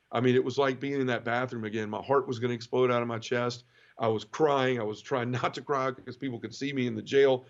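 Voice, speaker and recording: A man's voice: medium pitch, fairly even intonation, fairly quick, lo-fi sound. A man telling his own conversion story in an interview, earnest and vivid, often restarting and repeating words. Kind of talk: emotional personal storytelling.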